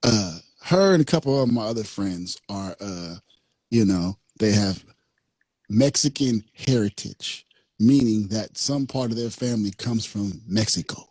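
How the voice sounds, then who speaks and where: A man hosting a podcast, telling a story in an animated way and laughing often. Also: lowish voice, a little slow, husky, dry recording. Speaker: podcast host. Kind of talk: casual podcast chat. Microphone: studio microphone.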